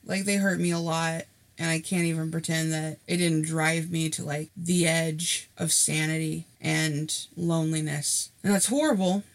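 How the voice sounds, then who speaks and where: A co-host on a casual podcast, with a strongly gravelly, creaky voice. They speak earnestly and reflectively, at a middle pitch. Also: fairly even intonation, moderate pace.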